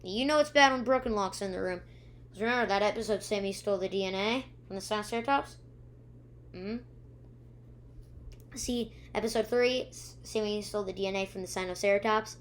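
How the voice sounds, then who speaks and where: Female reviewer with a fairly high voice, loose, rambling recap delivery, acts out the characters' lines. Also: normal speed. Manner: chatty, many ums and restarts, acts out characters' lines. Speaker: video reviewer.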